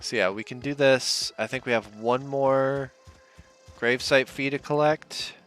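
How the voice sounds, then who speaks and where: A man's voice: medium pitch, steady tone, measured pace, a bit bright, faint music behind. A man hosting a let's play, giving laid-back, casual commentary and muttering to himself as he plays.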